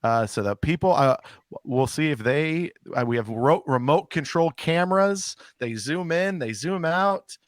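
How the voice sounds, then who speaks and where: A man's voice: fairly high pitch, lively intonation, unhurried, no room sound, clean studio sound. A man co-hosting a comedy podcast, joking in a wry, self-deprecating way and rambling with fillers. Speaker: podcast co-host. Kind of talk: casual comedy podcast chat.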